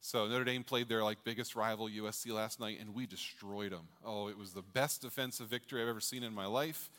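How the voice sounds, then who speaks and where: Long reverb fills the church sanctuary as a middle-aged male pastor delivers a sermon full of jokes, chatting and asking the congregation questions. He speaks a little fast in a lowish, slightly bright voice with fairly even intonation.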